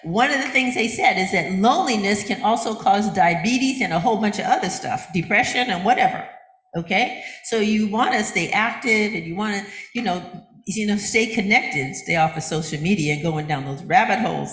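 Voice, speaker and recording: An older woman minister giving a chatty, animated sermon, often laughing and acting out what other people say. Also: mid-range voice, normal speed. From United States. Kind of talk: conversational sermon. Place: church sanctuary. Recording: roomy church echo.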